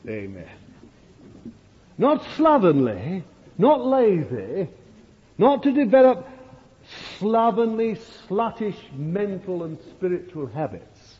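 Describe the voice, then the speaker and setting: Male preacher, husky and lively, slow dramatic sermon delivery, dull old recording in a big echoing hall. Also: high-pitched. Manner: dramatic storyteller, swings from loud to hushed.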